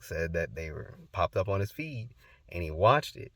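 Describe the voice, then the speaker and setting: A man's voice: low-pitched, big pitch swings, moderate pace, a bit bright, dry recording. A young man hosting his channel, telling a personal story in a loose, rambling way with many fillers. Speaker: host.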